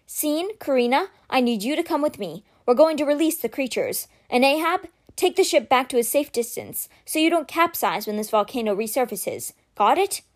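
Woman doing a young male leader, commanding, brisk orders, lively pitch.

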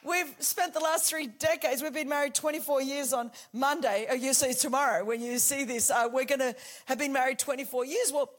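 A woman in her forties delivers a fervent sermon in a high, bright voice. She drops to near-whispers for intimate points, then rises to shouted declarations. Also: steady tone, fairly quick. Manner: passionate, swings from hushed to shouting. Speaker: preacher.

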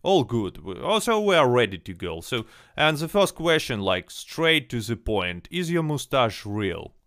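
In a mid-range, fairly bright voice with a sing-song lilt, a man hosts a casual livestream, reading viewer questions and interviewing a guest at a measured pace. He's slightly hesitant, frequently repeating words as he restarts. There's no room sound, and the quality is studio-grade.

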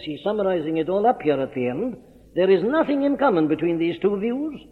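A man delivers an earnest expository sermon, leaning hard on key words and repeating them for emphasis. His voice sits fairly high. The recording is old and tinny, with a long echo from a church hall. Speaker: preacher.

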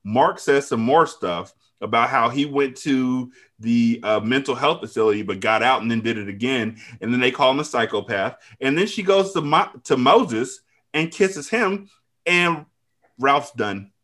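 A man hosting a podcast, recapping an episode in a casual, profane, storytelling way with quick asides. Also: medium pitch, expressive, a bit bright. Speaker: podcast host.

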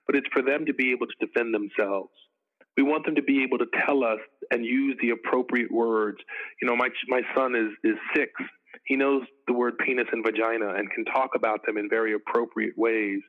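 A middle-aged man talking earnestly in a casual podcast conversation, making his points in measured lists. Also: medium pitch. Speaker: podcast guest. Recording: phone-like tinny line.

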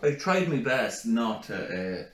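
A man's voice: mid-range voice, sing-song, unhurried, echoey room. A man co-hosting a podcast in casual banter, swearing and hesitant, trailing off into mumbled asides. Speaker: podcast co-host.

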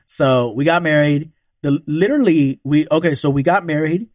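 A man's voice: a little high, normal speed, dry recording, clean studio sound. A man telling a personal story in casual chat. He swears a lot and laughs often. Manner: relaxed, profane, laughs often.

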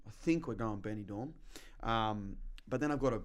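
A man's voice: lowish voice, expressive, moderate pace. A man hosting a casual sports podcast, reading out names and bantering with his guests in a joking way. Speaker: podcast host. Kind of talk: casual chat.

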